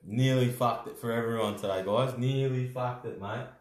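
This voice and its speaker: Crude teasing Australian bloke. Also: male voice, mid-range voice, steady tone, normal speed. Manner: crude, teasing, swears constantly. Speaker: card break co-host. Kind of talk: casual banter while opening cards. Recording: echoey room.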